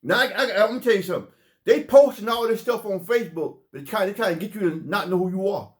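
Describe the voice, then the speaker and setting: A man with a Southern US accent preaching an impassioned sermon, emphatic and repetitive, sometimes breaking into shouts. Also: high voice, fast talker. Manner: fiery, emphatic, repeats phrases, bursts into shouts.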